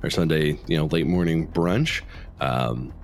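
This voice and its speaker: A man's voice: very deep voice, a little slow, faint music behind. A man acting as game master for a tabletop role-playing game, improvising in an easygoing, playful way.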